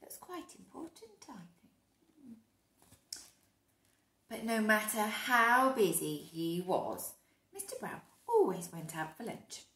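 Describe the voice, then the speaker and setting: A woman reading a picture book aloud to children, animated, with hushed whispered asides to her young listeners. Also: mid-range voice, slow, long pauses. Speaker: storyteller. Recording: echoey room.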